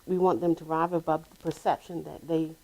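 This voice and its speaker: Woman, low voice, program founder, halting answers that often restart mid-sentence. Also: flat delivery, creaky, dark tone, rough recording. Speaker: founder of a youth mentoring program. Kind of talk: casual interview.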